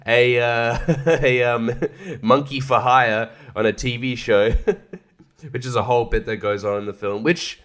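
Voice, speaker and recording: A man's voice: mid-range voice, unhurried, fairly bright tone. A man hosting a casual film review podcast, rambling and sarcastic, swearing freely and laughing often. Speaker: podcast host reviewing films.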